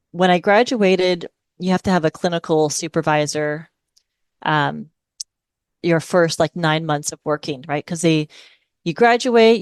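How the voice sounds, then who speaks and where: A middle-aged woman from Hawaii speaks in a smooth, resonant voice that sits a little low. She explains her work with the patience of a speech-language pathologist, and she is recorded close and dry with no room sound. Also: no echo. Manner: patient, explanatory, models phrases in a lilting parent voice. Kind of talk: podcast interview conversation.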